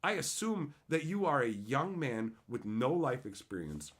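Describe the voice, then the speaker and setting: A man's voice: big pitch swings, unhurried, a bit bright. A man hosting a livestream, ranting in a profane, mocking way and reading out chat. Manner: abrasive, mocking, swings into high sarcastic impressions. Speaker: livestream host.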